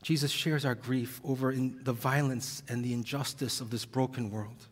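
A man's voice: medium pitch, steady tone, normal speed. A male pastor preaching an earnest, heavy-hearted sermon, audibly emotional at times. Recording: long reverb of a large hall.

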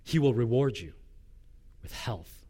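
Animated male pastor preaching. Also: mid-range voice, a little slow. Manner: impassioned, voices a prophet's complaints in first person. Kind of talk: sermon.

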